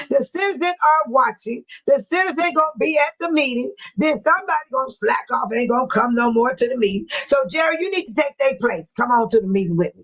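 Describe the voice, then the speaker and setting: A woman's voice: a little high, slightly rough, low-quality recording. A middle-aged woman hosting a casual livestream, chatting and teasing her viewers by name. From Dolton, Illinois area. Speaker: livestream host. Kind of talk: casual livestream chat reading viewer comments.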